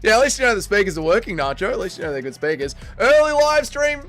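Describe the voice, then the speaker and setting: A young Australian man hosting a livestream in casual chat, energetic and slangy, greeting viewers and calling everyone mate. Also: high voice, racing. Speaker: livestream host.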